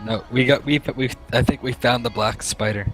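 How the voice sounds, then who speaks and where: A man's voice: medium pitch, fairly even intonation, moderate pace, over music. A man playing a tabletop game, eagerly directing the party's moves. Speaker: player. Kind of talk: casual tabletop play.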